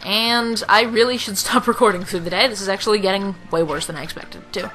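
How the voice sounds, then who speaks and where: A young woman in her late teens with a slightly rough throat, giving dry, rambling, self-mocking commentary over a video game at home. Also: medium pitch, fast, sharp tone, soft background music, poor audio. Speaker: let's play commentator. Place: home room.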